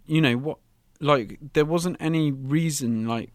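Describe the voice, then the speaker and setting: A man's voice: on the high side, a little slow, dry recording, studio quality. A young man co-hosting a podcast, chatting casually and steering the discussion with firm opinions. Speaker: podcast co-host. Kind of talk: casual chat.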